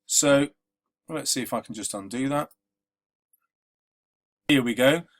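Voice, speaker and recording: Male literature teacher, relaxed revision-lesson delivery, filler-heavy explanations. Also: mid-range voice, slow. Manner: conversational, explanatory, with frequent fillers.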